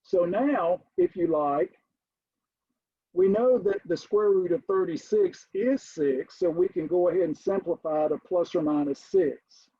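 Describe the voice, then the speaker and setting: A middle-aged man, a college math instructor, giving a recorded lecture, stressing key points emphatically and addressing the class as ladies and gentlemen. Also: high-pitched, a little slow, breathy edge, dry recording, highs cut off.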